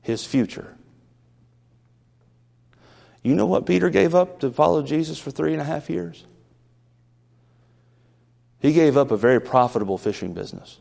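A man preaching a conversational sermon in a folksy way, building up to loud, emphatic peaks. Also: fairly high pitch, brisk, vocal fry, pauses often, big-room sound.

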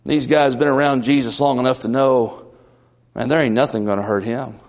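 A man preaching a conversational sermon in a folksy way, building up to loud, emphatic peaks. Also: mid-range voice, steady tone, moderate pace, long reverb tail.

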